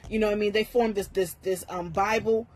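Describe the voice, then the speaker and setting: A woman's voice: medium pitch, fairly even intonation, brisk, slight background noise. Passionate rambling woman co-host. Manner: passionate, rambling, repeats words. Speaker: podcast co-host. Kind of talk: casual chat.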